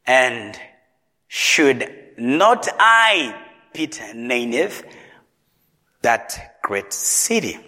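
Man voicing God, patient grave male, low slow measured delivery, hall reverb. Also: very animated, sharp tone, heavily acted. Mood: calm, reasoning. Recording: long reverb in a large hall.

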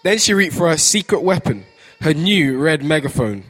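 Easygoing male narrator for a church kids' story, slightly high voice. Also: big pitch swings, normal speed, fairly bright tone. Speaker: children's story teller in church. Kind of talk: read-aloud storytelling.

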